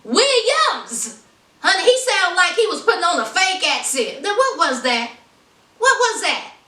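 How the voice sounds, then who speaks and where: A woman hosts a podcast, addressing her listeners directly with a sassy, chatty reality show recap. Her very high-pitched voice swings widely in pitch, and she speaks at a measured pace with a sharp tone. The recording sounds roomy, as if she's far from the mic.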